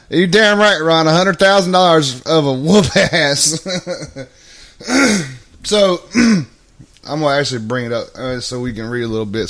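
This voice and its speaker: A man's voice: medium pitch, fairly bright tone. A man hosting a casual live talk show, laughing often and swearing freely as he chats. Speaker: podcast host. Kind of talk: casual profane chat.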